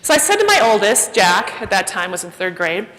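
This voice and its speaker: A woman giving a personal storytelling talk as a keynote speaker, animated and self-deprecating, acting out the voices she quotes. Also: medium pitch, fairly quick. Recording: long hall reverb.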